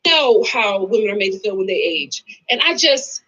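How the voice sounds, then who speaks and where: A woman's voice: medium pitch, big pitch swings, normal speed, bright, forceful tone, breathy edge. A woman talking to her viewers in a pre-recorded video commentary, played back as muffled audio. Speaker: YouTube reality-TV reviewer.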